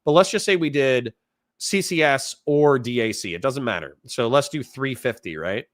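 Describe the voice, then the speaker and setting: A man's voice: mid-range voice, animated, moderate pace, no echo, studio quality. A man from Florida hosting a casual livestream, reading out chat donations and rambling bluntly in reply. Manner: rambling and blunt, reads chat messages aloud.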